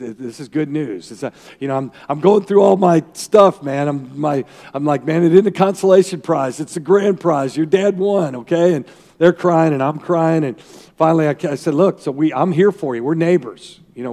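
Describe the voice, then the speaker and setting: A man's voice: fairly high pitch, gravelly, darkish tone, in a large hall. A man preaching a sermon as a pastor, telling stories in a rambling, folksy way with asides to the crowd.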